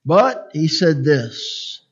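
A male pastor delivers a sermon in a high voice, taking his time over each phrase. He reads scripture and climbs into loud, impassioned pleading prayer. The recording sounds dull and lo-fi. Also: big pitch swings, extremely slow, slightly rough.

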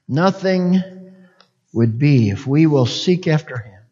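A male pastor delivers a sermon in a high voice, taking his time over each phrase. He reads scripture and climbs into loud, impassioned pleading prayer. The recording sounds dull and lo-fi. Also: lively intonation, takes it slowly.

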